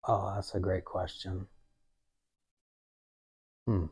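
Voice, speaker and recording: A man's voice: sits low, fairly even intonation, normal speed, a little mellow, slightly rough. A young adult man, an artist, talking casually in a museum gallery, rambling with lots of fillers and quoted asides. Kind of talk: casual conversational talk.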